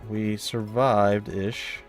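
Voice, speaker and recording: Chatty low-voiced man narrating gameplay. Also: level tone, takes it slowly, loud music behind the voice. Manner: chatty and jokey, addressing viewers as guys and folks. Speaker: let's play host. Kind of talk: casual gameplay commentary.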